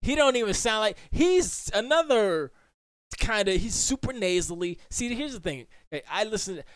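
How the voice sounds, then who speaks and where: A man with a fairly high voice chats casually on a live stream from his home studio. His pitch swings widely as he rambles, restarts and answers questions from chat. The sound is dry and close. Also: no echo. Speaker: music producer and stream host.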